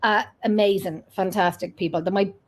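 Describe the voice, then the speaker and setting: A woman's voice: medium pitch, steady tone, a little fast, slight background noise, low-quality recording. A woman hosting a live paranormal talk show, chatty and teasing, laughing often. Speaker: host.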